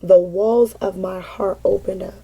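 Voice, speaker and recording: A woman's voice: mid-range voice, steady tone, unhurried, creaky, mellow, slightly rough, low-quality recording. A woman in casual spiritual reflection, talking with a repetitive, emphatic, preacher-like cadence. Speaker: mother speaking to an online audience.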